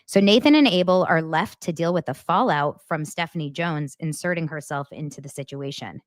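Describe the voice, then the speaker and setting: Animated woman recapping texts. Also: normal speed, dry recording, studio quality. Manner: animated, acts out quoted texts with dramatic pitch jumps. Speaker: host. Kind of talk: casual commentary reading texts aloud.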